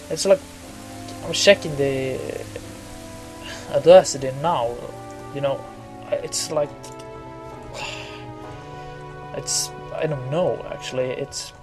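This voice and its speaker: Man, let's play commentary, unhurried rambling delivery, mumbled crude asides, loud game music behind. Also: medium pitch. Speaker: gamer. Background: video game music.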